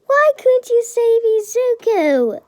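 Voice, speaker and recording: A woman voicing a quick-tempered, protective mother in a homemade fan story, yelling shrilly when angry. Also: high voice, no echo, clean studio sound. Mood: furious.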